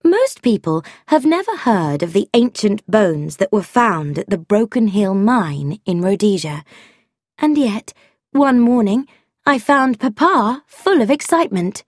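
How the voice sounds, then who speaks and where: A woman reads a first-person story aloud, slow and unhurried. Her pitch swings widely with expression, and the recording is close and dry. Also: no echo. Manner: expressive, wry, with voiced dialogue. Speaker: narrator.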